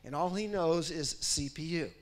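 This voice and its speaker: A man's voice: a little high, normal speed. A man giving a conference talk. He acts out a computer process in first person and keeps checking in with the audience with "right?" and "okay?". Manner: lively, speaks as if he were the process, often checks in with "right?" and "okay?". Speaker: technical presenter. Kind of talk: conference lecture.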